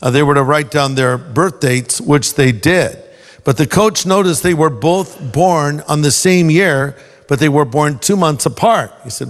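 A man's voice: fairly high pitch, normal speed, in a large hall. A male pastor preaching a sermon in an anecdotal, folksy style.

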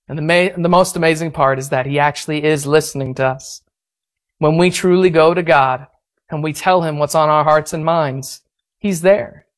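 A man pastor preaching a sermon, telling a story in an animated and self-mocking way. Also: a little high.

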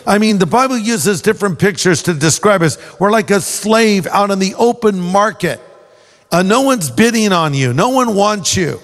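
A man's voice: sits high, animated, normal speed, in a large hall. A man preaching a sermon, telling a folksy story as a pastor.

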